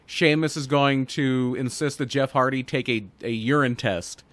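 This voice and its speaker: A man co-hosting a podcast, casually walking through news and rumors with relaxed hedging asides. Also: mid-range voice, moderate pace, no echo. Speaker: podcast co-host. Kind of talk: casual wrestling news chat.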